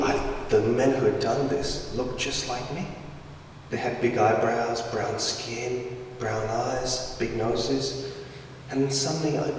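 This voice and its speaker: A young man from Afghanistan giving a lively, humorous storytelling talk as a guest speaker in a school hall, heard through a distant microphone. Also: mid-range voice, a little hiss or hum. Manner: lively, humorous, acts out voices of people in his stories. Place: large school hall with audience. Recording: roomy echoey hall from far off.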